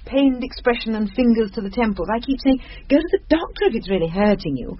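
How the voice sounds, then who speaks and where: An anxious middle-aged daughter. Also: female voice, on the high side, animated, quick pace, slightly rough, lo-fi sound. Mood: uneasy. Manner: articulate, hesitant and self-deprecating. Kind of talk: radio sitcom acting.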